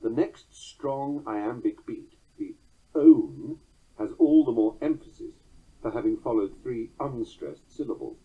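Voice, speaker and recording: A man with a very husky, breathy voice delivers a prepared lesson on poetic meter. His intonation rises and falls widely as he explains. The sound is thin and boxy, like a voice heard over a phone line. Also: mid-range voice, animated. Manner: measured, slows down to recite quoted verse. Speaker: teacher explaining verse meter. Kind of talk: scripted lecture narration.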